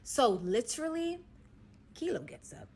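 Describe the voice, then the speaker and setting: Animated woman telling a wild story. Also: unhurried, a little hiss or hum. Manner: animated, acts out quotes with shifting pitch and volume. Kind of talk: casual storytime.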